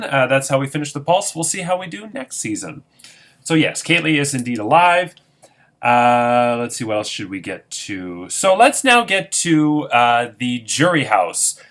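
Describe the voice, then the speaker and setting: Brief: casual male host, bright, animated voice, light music underneath. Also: a little high. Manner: chatty, lots of fillers. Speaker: game show host. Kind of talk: casual scripted hosting.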